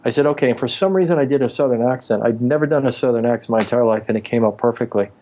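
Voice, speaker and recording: A man in his forties tells long, rambling stories from his early acting days in a casual interview. He slips into the voices of the people he quotes. His voice sits at an everyday middle pitch. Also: racing, mellow. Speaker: actor and author, interview guest.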